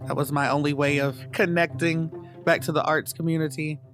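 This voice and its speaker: A man from North Carolina tells his story in a reflective, measured way for a documentary interview. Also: fairly high pitch, little pitch movement. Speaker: dance company founder. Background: soft guitar music.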